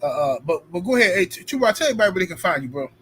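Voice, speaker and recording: A man hosts a live stream, talking casually and reading super chats aloud, thanking donors with animated, emphatic, playful street banter. His high voice comes rapid-fire over slight background noise in a low-quality recording.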